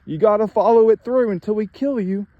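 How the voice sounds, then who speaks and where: A man's voice: sits high, brisk, dry recording, narrow, tinny audio, pitched above the performer's own voice, lightly acted. A man voicing cruel tormentors who taunt their victim with swearing and mockery. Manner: taunting, sneering. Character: cruel mocking male tormentors.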